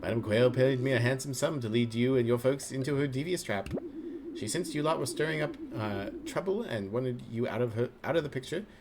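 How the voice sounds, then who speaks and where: A man's voice: medium pitch, a little fast, background noise, natural voice. A man doing a sheepish pigeon office worker. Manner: apologetic, embarrassed.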